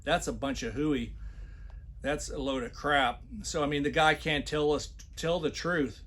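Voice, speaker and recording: A man's voice: fairly high pitch, fairly even intonation, unhurried, slight background noise. A man talking in a casual commentary video, sarcastic and blunt, often restarting his words. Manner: sarcastic, reads a job post aloud in loud mocking emphasis. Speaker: commentary vlogger.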